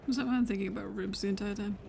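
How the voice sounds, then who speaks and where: A woman's voice: medium pitch, steady tone, racing, vocal fry, a little mellow, slight background noise. A woman streamer chatting in character during an online roleplay game, laughing often and swearing freely.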